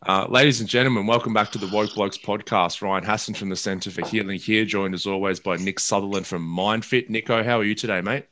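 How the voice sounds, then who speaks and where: A man's voice: fairly low pitch, steady tone, a little fast, few pauses, fairly bright tone. A man co-hosting a podcast in casual, joking banter. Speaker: podcast co-host.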